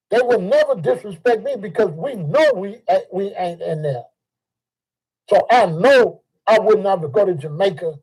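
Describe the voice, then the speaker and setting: An older man. His voice sits high for a man. He delivers a heated, profane monologue and circles back to the same points again and again. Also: a little mellow, low-quality recording. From Chicago. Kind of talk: ranting monologue.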